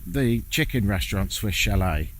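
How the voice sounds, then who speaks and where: A man's voice: fairly low pitch, animated, normal speed, slight background noise. Guy walking around town filming his travel vlog, dry sarcastic jokes, voice swings up and down a lot. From England. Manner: sardonic, swearing, self-mocking asides. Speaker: travel vlogger. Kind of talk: casual travel vlog narration. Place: outdoors, walking through a town.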